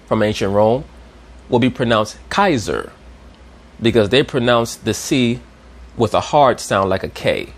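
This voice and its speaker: A man giving a lecturing commentary, didactic and checking in with his listeners. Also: fairly low pitch. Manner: didactic, repeats "you understand?".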